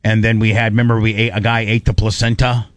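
A man hosting a talk show, telling rowdy old stories in a rambling, animated way, often stumbling and repeating words. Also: on the low side, fast, dry recording. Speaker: radio show host. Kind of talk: casual storytelling chat.

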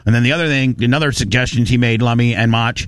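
Animated man ranting on talk radio. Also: mid-range voice, fast talker, no echo. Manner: animated storytelling, ranting, frequent restarts. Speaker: radio show host. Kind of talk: casual talk radio banter.

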